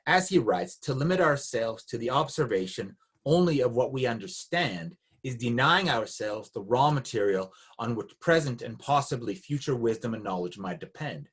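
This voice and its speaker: A man with a slightly husky voice of middling pitch gives an academic seminar talk. He reads from his paper in a calm, measured and reflective way. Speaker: academic speaker. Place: Canada.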